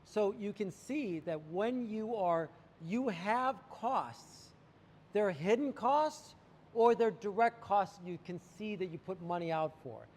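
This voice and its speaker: A man's voice: high voice, lively intonation, takes it slowly, darkish tone, long reverb tail. A man talking about water treatment to camera, telling a client story animatedly and acting out the quotes. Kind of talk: sales talk to camera.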